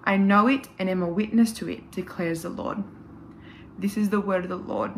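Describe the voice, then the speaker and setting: A woman reading a scripture passage aloud in a church service, in a measured, steady and solemn way. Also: medium pitch, slight background noise, rough recording. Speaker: scripture reader.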